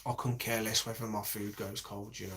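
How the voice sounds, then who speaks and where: A man's voice: lowish voice, flat delivery, fairly quick, fairly bright tone, slight background noise. A man in his forties, rambling in a casual monologue with heavy swearing and many restarts.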